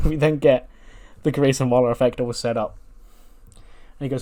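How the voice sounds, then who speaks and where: A man's voice: mid-range voice, normal speed, pauses often. Man narrating a game run with laughs. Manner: animated, laughs often while recounting. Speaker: game commentator. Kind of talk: casual let's-play storytelling.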